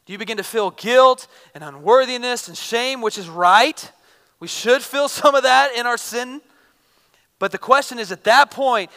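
A man in his thirties preaching a sermon in an earnest, conversational way, shifting between loud bursts and quiet intensity. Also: very high-pitched, smooth. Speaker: pastor. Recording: reverberant hall.

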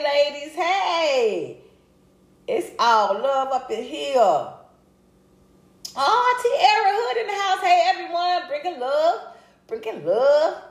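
A middle-aged woman with a slightly high voice hosts a casual livestream and greets her viewers one by one. She talks in a lively, chatty way and laughs easily. The room adds a noticeable echo. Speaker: livestream host. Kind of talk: casual live chat reading comments. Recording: roomy echo.

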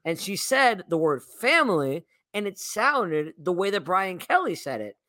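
A man co-hosting a casual sports talk show, excitable and animated, often repeating words as he goes. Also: high voice, moderate pace, no echo, studio quality. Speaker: podcast co-host.

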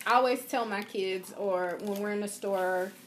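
A woman's voice: mid-range voice, moderate pace. Emphatic woman in an echoey room. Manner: emphatic, opinionated, with colloquial grammar. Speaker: podcast co-host. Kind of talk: casual podcast chat. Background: faint ambient noise, family sounds.

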